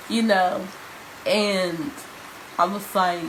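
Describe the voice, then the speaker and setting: A young woman talks to the camera in a casual vlog, speaking directly to her viewers. She is emphatic and repeats key phrases for weight. Her voice sits in a middle pitch, with faint noise behind her. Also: measured pace. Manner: addresses viewers informally. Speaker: vlogger.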